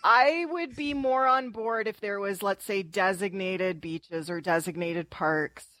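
A woman's voice: medium pitch, a little slow, fairly bright tone, no room sound. Frank female radio co-host. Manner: candid, laughing, firm in disagreement. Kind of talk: radio talk show banter.

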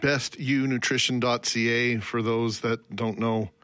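A man hosting a radio interview, asking measured, sympathetic questions. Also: medium pitch, steady tone, fairly bright tone, no echo, clean studio sound. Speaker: radio host.

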